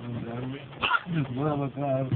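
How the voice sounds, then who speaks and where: A man's voice: mid-range voice, fairly even intonation, moderate pace. A man in a car recounting the storm in emphatic, slang-heavy casual chat, recorded on a phone. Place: inside a car. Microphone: phone camera. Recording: tinny phone recording, loud noise.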